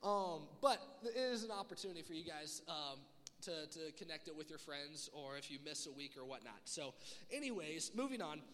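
A young man preaching a sermon to a youth group, lively and conversational, acting out the voices he quotes. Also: on the high side, moderate pace. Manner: animated, acts out quoted voices. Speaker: youth pastor. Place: church hall. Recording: echoey hall.

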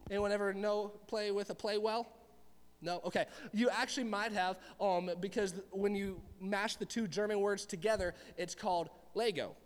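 A young man preaching a sermon to a live audience in a church hall, in a chatty, animated, rambling way. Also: high voice. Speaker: pastor. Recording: long reverb of a large hall.

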